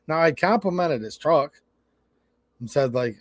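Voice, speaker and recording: A Michigan man hosting his channel rants casually on a livestream, blunt and profane, storytelling with exchanges he quotes. His voice is slightly high and a little slow, with long pauses and no echo, and he has a Michigan accent.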